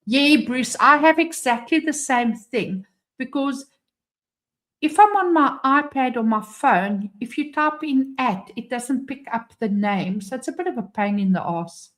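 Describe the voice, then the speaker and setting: A woman's voice: high-pitched, lively intonation, measured pace, a bit bright. A woman from South Africa with a South African English accent, hosting a casual live stream from home, chatting, laughing often and reading out viewer comments. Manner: chatty, laughs often, reads chat aloud. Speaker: livestream host. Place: home with front door open.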